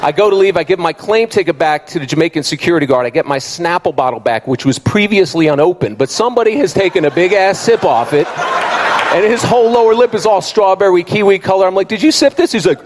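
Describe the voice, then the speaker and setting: A man doing an animated stand-up comedy routine on a club stage, acting out every character. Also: high-pitched, fast, background noise. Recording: live stage with crowd laughter.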